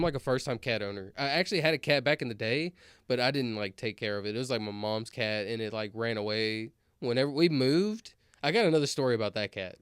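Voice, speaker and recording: A young man, a streamer, telling rambling stories in casual chat, filling every pause with "like" and "anyways.". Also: medium pitch, smooth, dry recording, clean studio sound. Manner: rambling, filler-heavy, says "like" and "anyways" constantly. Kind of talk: casual storytelling while reading chat.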